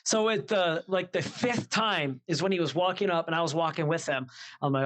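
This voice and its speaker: A man with a high-pitched voice tells a story in a relaxed podcast chat. He talks animatedly and acts out each quoted line. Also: moderate pace. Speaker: podcast co-host.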